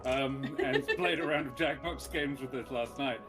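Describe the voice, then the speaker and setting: Guy rambling and joking before a tabletop game, mid-pitch voice, faint music behind. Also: normal speed. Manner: jokey, rambling, laughs often. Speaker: player. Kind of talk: casual pre-game chat.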